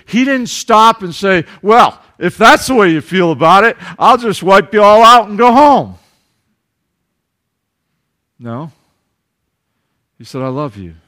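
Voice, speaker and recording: Southern male pastor, high lively delivery, slow deliberate sermon, emphatic swings from loud to soft.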